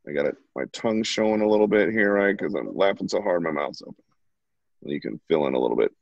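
A man's voice: low-pitched, animated, quick pace, gravelly, no echo. A man at home giving a casual, chatty live drawing lesson and talking while he sketches. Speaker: drawing instructor. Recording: dull lo-fi, dry sound.

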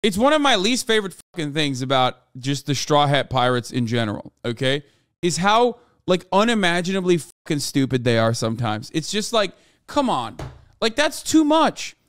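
Man, live streamer, high-pitched, smooth clear voice, animated swearing rant. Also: moderate pace, dry recording. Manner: animated, heavy swearing, exasperated. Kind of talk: casual rant to live chat.

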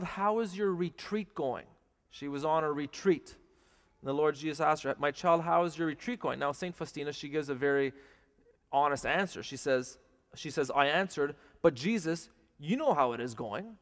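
A priest with a fairly high voice preaches earnestly and plainly, often turning to his listeners with questions. His words ring out with a long reverb, as if in a large hall. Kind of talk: televised sermon.

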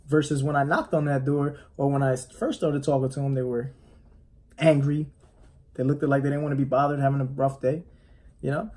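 A man's voice: medium pitch, level tone, fairly quick, dark tone, slightly rough. A man, a real estate agent, talking casually on a vlog, giving rambling coaching advice with many restarts. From United States. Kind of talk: casual motivational vlog talk.

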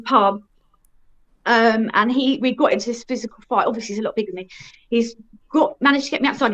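A woman's voice: on the high side, dull audio. A young woman telling her own story in a frank, rambling way and laughing at herself. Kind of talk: casual storytelling.

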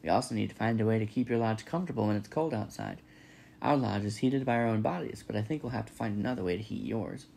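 A man reading a storybook, voicing a gruff, stubborn male beaver who is kind underneath. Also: lowish voice, fast talker, darkish tone, a little hiss or hum. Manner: gruff, grumbling.

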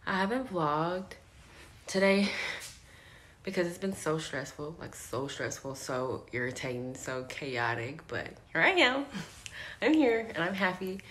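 A woman in her twenties talking casually to her camera in a rented house, chatty and excitable with frequent laughs. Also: lowish voice, a little hiss or hum. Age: 20s. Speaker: vlogger. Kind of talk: casual vlog talk to camera.

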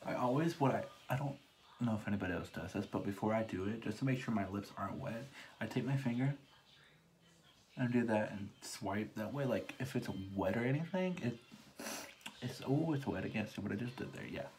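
A beauty vlogger talking through a casual makeup tutorial in a chatty, theatrical way. The voice swings between loud exclamations of dismay and soft whispered asides, with a faint hiss of noise behind it. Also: mid-range voice, animated, brisk.

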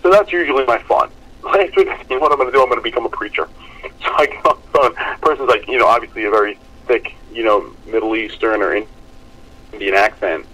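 Animated, laughing man telling stories. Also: mid-range voice, fast talker, rough recording. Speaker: podcast co-host. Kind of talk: casual chat.

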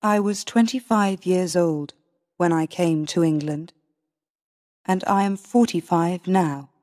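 A woman tells a storybook in the first person, slow and clear with careful pauses. Her tone is mellow and the recording has a long hall reverb. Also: on the low side. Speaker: story narrator. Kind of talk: first-person storybook narration for English learners.

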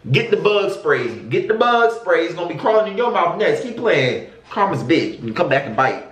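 A man reacting to viewer confessions in a casual vlog, his voice leaping from high squeals down to low grumbles. He sounds theatrical and blunt, with a slightly high pitch. The room around him is echoey. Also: big pitch swings, normal speed. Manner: profane, blunt and teasing. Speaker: YouTuber reading viewer confessions.

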